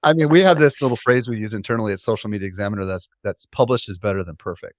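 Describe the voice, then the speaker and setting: A man hosting a podcast interview, briskly prompting his guest and cutting in with quick questions. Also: lowish voice, no room sound, clean studio sound. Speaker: podcast host. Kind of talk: interview conversation.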